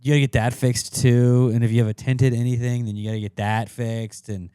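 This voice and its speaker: A man's voice: mid-range voice, little pitch movement, a little fast, warm tone, smooth, no echo, studio quality. A man co-hosting a podcast, joking around in casual banter and swearing freely. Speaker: podcast co-host.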